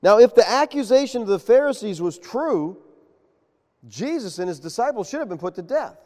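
A man preaching a sermon, animated and quizzing his congregation with questions. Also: high voice, moderate pace. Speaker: pastor. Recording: long reverb of a large hall.

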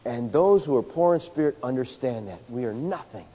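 A man's voice: expressive, a little fast. Preacher man in a reverberant hall. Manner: emphatic, rising to loud peaks then dropping low. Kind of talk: sermon. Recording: dull sound with long hall reverb.

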